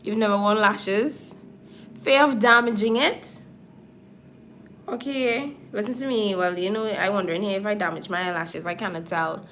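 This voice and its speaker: A woman's voice: medium pitch, steady tone, moderate pace, fairly bright tone, a little hiss or hum. A makeup artist chatting casually with her viewers on a livestream while she applies false lashes. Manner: chatty, talks straight to viewers.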